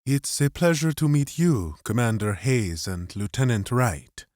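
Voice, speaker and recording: A man voicing a tall male alien ambassador in an audiobook, speaking in a quiet, grave, soft and melodic way. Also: medium pitch, very animated, a little slow, no echo, studio quality.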